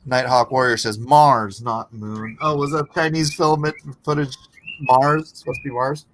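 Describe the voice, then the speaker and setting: A man with a fairly high, fairly bright voice hosts a casual livestream as an artist, speaking at a moderate pace with fairly even intonation and a little hiss or hum. He reads chat comments aloud and answers with rambling, sarcastic talk and frequent laughter.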